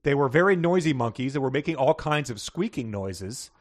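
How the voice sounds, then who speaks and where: A man's voice: medium pitch, animated, a little fast. Male co-host, casual reader, wry and amused, often laughing. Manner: laughs often, with wry asides and many fillers. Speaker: podcast co-host. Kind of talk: casual chat, reading aloud from a book.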